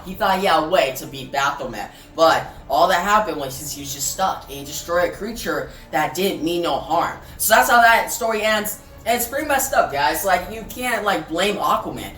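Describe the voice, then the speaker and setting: A woman's voice: on the low side, a bit bright. A woman casually recapping a comic book as a reviewer, rambling with many fillers. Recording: roomy, distant mic, faint music.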